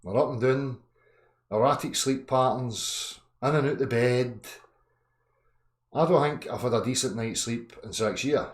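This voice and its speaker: A man's voice: medium pitch, a little slow. Swearing man ranting, roomy echo. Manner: angry, profane, swings from muttering to shouting. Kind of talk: ranting live chat. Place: indoor room.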